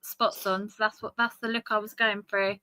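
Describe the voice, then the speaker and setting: Woman, English accent, bright tone, chatty and giggly, dry close sound. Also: mid-range voice, little pitch movement, moderate pace, no echo. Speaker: guest artist. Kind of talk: casual livestream chat. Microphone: video call.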